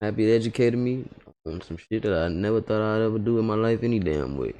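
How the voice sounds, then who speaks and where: A man's voice: on the low side, lively intonation, fast talker, dark tone. A man hosting a livestream reaction, talking in loose, profane, joking banter. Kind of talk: casual reaction commentary.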